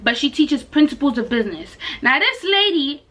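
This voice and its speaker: A young woman talks to camera in a high, bright voice. She tells her story casually and with slang, and acts out the voices of the other people in it. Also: very animated, moderate pace. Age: young adult. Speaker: vlogger, exchange student.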